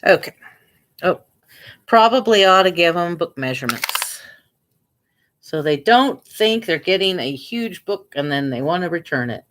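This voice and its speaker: A woman's voice: on the low side, animated, unhurried, pauses often, fairly bright tone, slight background noise. A woman from the American Midwest chatting casually and thinking aloud as she lists items to sell online. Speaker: online reseller and vlogger. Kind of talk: casual chat while working.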